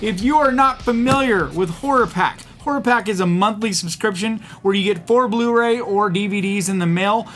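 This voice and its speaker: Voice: mid-range voice, moderate pace, hardly any pauses, a bit bright. Vlog host, casual and upbeat, laughs easily, mid-range voice, faint music underneath. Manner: chatty and upbeat, laughs at own jokes. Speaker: host of an unboxing video channel.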